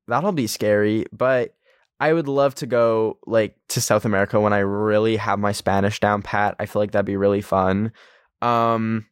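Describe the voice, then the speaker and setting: A man's voice: on the low side, clear, resonant tone, no room sound. Anxious rambling young man, dry sound. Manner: anxious, rambling, heavy use of filler words. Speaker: podcast host. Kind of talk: casual solo podcast monologue.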